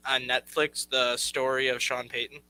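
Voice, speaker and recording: A man co-hosting a sports talk show, telling anecdotes quickly and quoting what people said. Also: mid-range voice, little pitch movement, sharp tone, slight background noise, poor audio. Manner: quick, recounts anecdotes with quoted lines.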